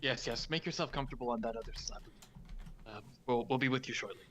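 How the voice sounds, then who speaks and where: A man's voice: mid-range voice, fast talker, a bit bright, slight background noise. A man playing a tabletop game, speaking in character as a pompous, easily flustered scientist. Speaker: player.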